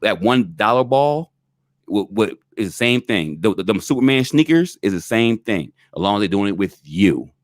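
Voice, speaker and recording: Man co-host, lowish voice, frank and profane casual chat, dry sound. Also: lively intonation, normal speed, dry recording. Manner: frank, profane, repeats himself in emphatic asides.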